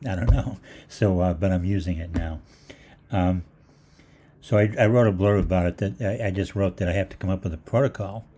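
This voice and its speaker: Deep-voiced older man telling rambling stories. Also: mellow. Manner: meandering, full of fillers and restarts, acts out voices. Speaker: holistic practitioner hosting a live Q&A. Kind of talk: rambling anecdotal storytelling.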